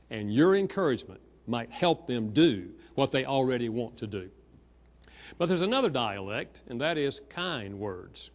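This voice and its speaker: Animated man speaking in a reverberant hall. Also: on the high side, normal speed. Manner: animated, playful, acts out quotes. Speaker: seminar speaker on marriage. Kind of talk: lively seminar talk with humor.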